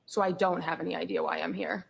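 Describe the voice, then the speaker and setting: A woman's voice: lowish voice, steady tone, fast, vocal fry, rough recording. Guarded woman testifying in court. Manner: guarded, short answers. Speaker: police officer testifying.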